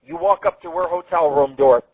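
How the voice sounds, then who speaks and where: A man's voice: a little high, moderate pace, dry recording. A man hosting a radio show, ranting crudely and mocking what he reads aloud, profane and loose. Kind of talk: crude comedic radio rant. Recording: dry, phone-like narrow radio sound.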